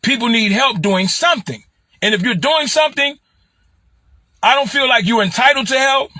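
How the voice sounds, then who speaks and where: A middle-aged man from Chicago with a Chicago accent, talking on a livestream in an animated, preachy way and repeating phrases. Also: very high voice, moderate pace, no room sound, clean studio sound. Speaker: livestream commentator. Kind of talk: casual livestream talk.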